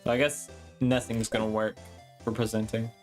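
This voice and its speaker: A man's voice: on the low side, little pitch movement, normal speed, over music. A man streaming a game live, mocking himself with light chuckles between reading lines. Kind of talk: live gameplay commentary.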